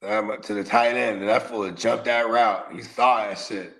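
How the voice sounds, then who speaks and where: A man co-hosting a casual sports podcast, telling stories in an animated, profane way that swings between loud bursts and quiet asides. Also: fairly low pitch, normal speed. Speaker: podcast co-host.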